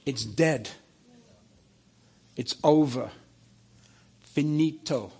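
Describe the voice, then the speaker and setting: A preacher putting on the voice of Jesus in a dream, a man's voice that presses the same demand again and again. It comes fairly high and slow. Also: vocal fry, husky, heavily acted. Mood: soft tender. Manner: insistent, repeating demands; soft and tender when gentle. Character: Jesus confronting a man in a dream, stern then tender.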